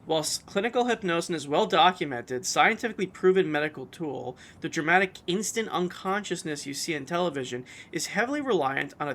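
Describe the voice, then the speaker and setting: A man's voice: a little high, fairly bright tone, slight background noise. A man hosting a casual live stream, joking with a friend and reading chat messages and search results aloud. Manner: laid-back, joking, reads messages aloud.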